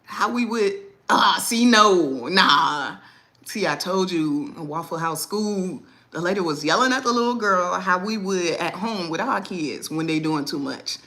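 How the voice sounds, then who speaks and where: Lively woman chatting on a livestream. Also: fairly low pitch, measured pace. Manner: animated, laughs often, slangy. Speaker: livestream host. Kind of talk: casual livestream chat.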